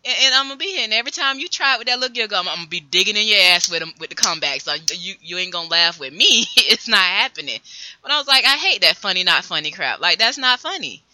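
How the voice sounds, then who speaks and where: A woman in her thirties co-hosts a casual podcast, telling stories animatedly and emphatically and laughing often. She talks fast in a mid-range voice, and the recording is dry but of poor quality.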